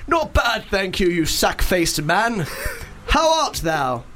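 A man's voice: sits high, very animated, takes it slowly, fairly bright tone, exaggerated voice. A man doing the jolly, old-fashioned Sun. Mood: cheery teasing. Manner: old-fashioned, mock-grand phrasing. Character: jolly archaic-talking male sun.

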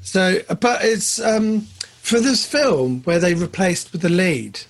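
A man co-hosting a podcast, chatting casually about films, excitable and jumping up in pitch when enthused. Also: slow. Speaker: podcast co-host. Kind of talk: casual film chat.

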